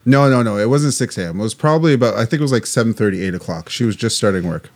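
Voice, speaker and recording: A man co-hosting a podcast, telling a story in casual chat, animated and swearing freely. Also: fairly low pitch, racing. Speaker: podcast co-host.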